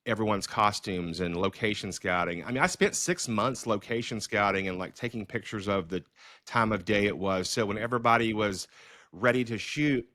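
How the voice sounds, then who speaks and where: A middle-aged man, a filmmaker hosting a podcast, telling stories in a casual, animated way with many fillers and restarts. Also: fairly low pitch, moderate pace, dry recording, clean studio sound. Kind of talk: casual storytelling conversation.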